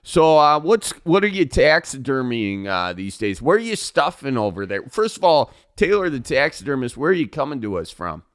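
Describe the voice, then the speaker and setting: A man's voice: mid-range voice, very animated, moderate pace, few pauses, dry recording, clean studio sound, pitched above the performer's own voice, close to an everyday voice. A man playing a cheery, folksy male nature-radio host in a comedic improvised bit.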